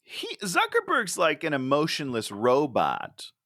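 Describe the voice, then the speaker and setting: A woman's voice: sits low, wildly swooping pitch, unhurried, a bit bright, dry recording, studio quality. A woman co-hosting a podcast, reacting emphatically in casual movie review chat. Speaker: podcast co-host.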